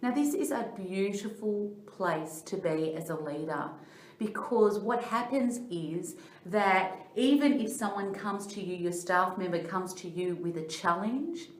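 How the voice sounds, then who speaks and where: A woman's voice: medium pitch, a little slow. A middle-aged Australian woman, a life coach, explaining ideas earnestly in a training talk and telling personal stories. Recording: echoey room.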